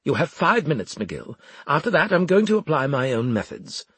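A man's voice: fairly high pitch, very animated, moderate pace, a bit bright, breathy edge, no echo, pitched above the performer's own voice, exaggerated voice. A male audiobook narrator voicing an arrogant, impatient male officer who talks in a demanding, contemptuous way. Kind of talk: audiobook character voice.

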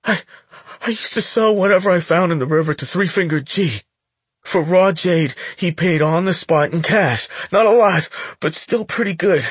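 Brief: frightened teen boy, stammering, voiced much higher by a husky-voiced male narrator. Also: no echo. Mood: nervous. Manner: stammering, nervous and hurried. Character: scared, bloodied teenage boy, a river diver.

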